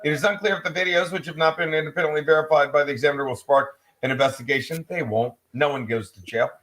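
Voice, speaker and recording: A man's voice: fairly high pitch, fairly even intonation, fast talker, fairly bright tone. A man on a casual livestream reading a news story aloud, breaking in with sarcastic asides and frequent swearing. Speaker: livestream co-host.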